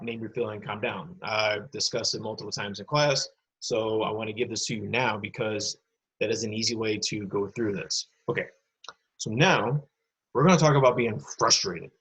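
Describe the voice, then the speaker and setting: A man with a slightly husky, breathy voice talks a class of children through a lesson. His delivery is loose and encouraging, full of fillers and asides. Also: medium pitch, fairly bright tone, poor audio. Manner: casual, encouraging classroom talk with many fillers. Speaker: teacher.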